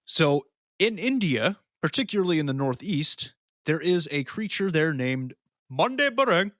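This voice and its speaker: A man with a slightly raised pitch co-hosts a podcast, moving between read segment introductions and crude, jokey asides. His voice sits close and dry on the mic. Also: expressive, normal speed, a bit bright, dry recording. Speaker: podcast co-host. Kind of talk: casual chat with scripted segments.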